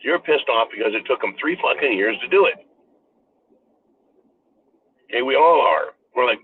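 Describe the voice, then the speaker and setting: A man's voice: on the low side, quick pace, few pauses, husky. An American man giving a political commentary monologue, emphatic and profane, ranting as the host. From United States. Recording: phone-like narrow band.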